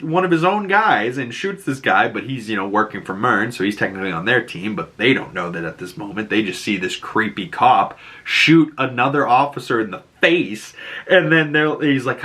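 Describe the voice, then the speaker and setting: A man with a Boston accent giving a casual, animated recap of a TV episode, swearing freely. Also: mid-range voice. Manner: animated retelling with profanity and acted-out quotes. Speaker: show recap host.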